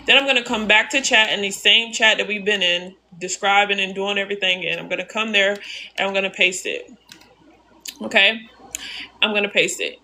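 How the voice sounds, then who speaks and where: Female live-stream tutorial host, crisp bright tone, chatty, talks through every click and answers chat. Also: medium pitch, a little hiss or hum. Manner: narrates each click, repeats steps, answers chat. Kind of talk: casual live-stream software walkthrough.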